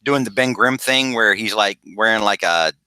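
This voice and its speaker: A man hosting a podcast, retelling a comic book story in a rambling, animated way and slipping into quoted voices. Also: on the low side, moderate pace, clear, resonant tone, dry recording, poor audio. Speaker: podcast host. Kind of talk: casual comic book recap.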